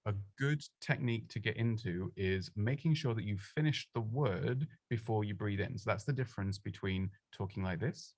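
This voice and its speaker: Chatty low-voiced man. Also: normal speed, few pauses, no room sound. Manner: chatty, self-deprecating, frequent restarts. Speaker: presenting coach. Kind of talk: casual live Q&A advice. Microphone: close studio microphone.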